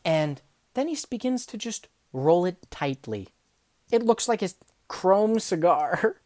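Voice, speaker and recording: A young woman telling funny workplace stories, acting out the people in them and swinging from hushed asides to loud outbursts. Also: on the low side, moderate pace, no echo, clean studio sound. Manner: animated, acts out dialogue, swings from hushed to yelling. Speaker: storyteller. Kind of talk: comedic storytelling vlog.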